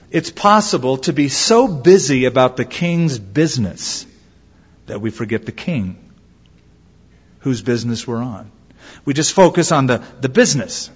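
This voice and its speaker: Husky preacher guy, lively up and down delivery, dull lo-fi sound with long hall echo. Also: mid-range voice. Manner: animated preacher acting out quotes in voices. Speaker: pastor. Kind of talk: sermon.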